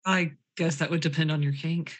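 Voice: medium pitch, fairly even intonation, normal speed. A player in a tabletop roleplaying game who talks in a rambling, giggly way. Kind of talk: casual chat.

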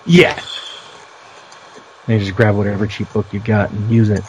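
A man's voice: on the low side, level tone, moderate pace, slight background noise, poor audio. A man from the United States co-hosting a casual film discussion, analytical and pointing out visual details. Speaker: podcast co-host.

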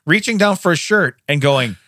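A man co-hosting a casual chat, telling a story in an animated way and laughing often. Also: a little high, normal speed, dry recording, studio quality. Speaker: podcast co-host.

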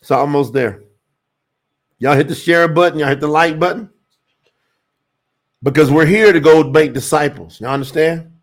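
Slightly high-voiced male livestream host, animated and emphatic, talks to chat as y'all. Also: normal speed, long pauses. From USA. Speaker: livestream host teaching Hebrew scripture. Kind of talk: casual livestream teaching with chat.

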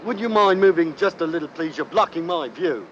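Smooth snobby rich guy, fake posh voice, old muffled movie sound. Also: a little high, lively intonation, fairly quick, fairly bright tone, a little hiss or hum. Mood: aloof. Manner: affected posh drawl. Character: suave wealthy young man posing as an heir. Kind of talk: 1950s film acting. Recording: dull old film soundtrack.

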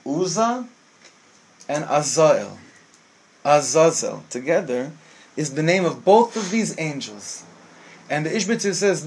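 Husky, impassioned man teaching Torah. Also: fairly high pitch. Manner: impassioned, mixes Hebrew phrases, acts out angel voices. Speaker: rabbi teaching. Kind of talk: Torah class sermon.

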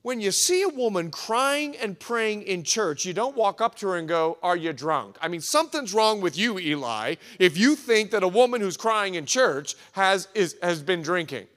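Male pastor, animated storyteller, high and lively pitch, reverberant hall sound. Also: moderate pace, few pauses. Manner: animated storytelling preacher, acts out quotes. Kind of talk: sermon. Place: church hall at a men's breakfast.

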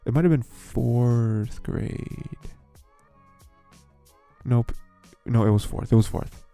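Young male podcast host, casual rambling commentary, gravelly, very dark tone, faint music behind. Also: medium pitch, slow pace. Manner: rambling, filler-heavy, exasperated.

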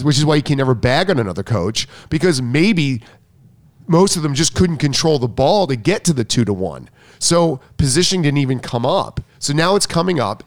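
A man's voice: medium pitch, no echo. A middle-aged man, a tennis coach, chatting casually and rambling, often restarting sentences and acting out quotes. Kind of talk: casual chat.

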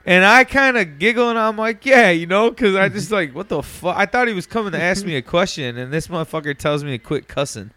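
A young man with a slightly high voice telling a story on a podcast, cursing freely and laughing through it. The sound is dry and close, with no room echo at all. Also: brisk. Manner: profane, laughing, animated retelling. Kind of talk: casual storytelling chat.

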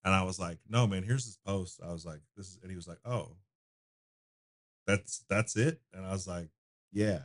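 Low-voiced man telling stories casually. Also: normal speed. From United States. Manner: loose storytelling with frequent fillers and restarts. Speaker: podcast guest, donut shop owner. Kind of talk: casual conversation.

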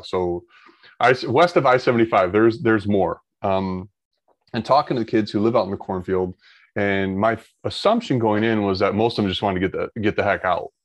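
A man's voice: lowish voice, no room sound. A man, talking in a casual podcast chat, rambling with many restarts. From Ohio, United States. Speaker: guest.

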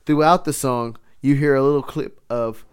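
A man's voice: medium pitch, steady tone, normal speed, clean tone. Laid-back man hosting a podcast. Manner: upbeat, laid-back banter. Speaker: podcast host. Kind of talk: casual chat.

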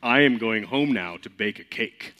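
A man voicing a gruff, treat-loving male toad in a storybook read aloud, in a lower, slower voice. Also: lively intonation, long reverb tail, lo-fi sound, lightly acted. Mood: glum.

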